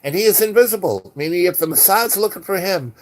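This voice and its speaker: A man's voice: high voice, expressive, brisk. A man telling a long anecdote in a casual, rambling way, with frequent restarts and fillers. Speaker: storyteller.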